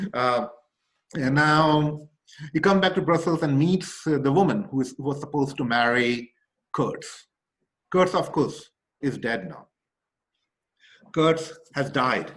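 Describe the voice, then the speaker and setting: A man's voice: medium pitch, expressive, a little slow, long pauses, a bit bright. A male lecturer giving a literature lecture. He speaks with emphasis, asks rhetorical questions, often checks in with "okay?", and restarts some phrases while he thinks.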